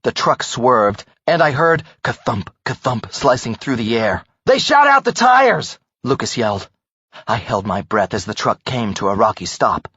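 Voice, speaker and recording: A man narrating a first-person audiobook thriller in a dramatic, expressive way. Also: on the low side, normal speed, husky, no echo. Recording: dull, dry audiobook recording.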